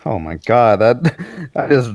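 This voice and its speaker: A man's voice: medium pitch, animated, measured pace, darkish tone, highs cut off. A man playing a tabletop game, casually describing his character's actions in the first person. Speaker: player.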